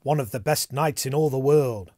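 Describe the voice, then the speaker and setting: A man's voice: mid-range voice, moderate pace, darkish tone, dry recording, studio quality, close to an everyday voice. A man voicing a courteous young male knight who answers politely and formally. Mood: respectful.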